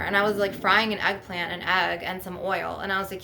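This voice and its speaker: A woman's voice: medium pitch, fairly even intonation, a little fast, gravelly, few pauses, noisy background. A woman venting in a vlog, anxious and stressed, rambling and swearing often. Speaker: spiritual vlogger.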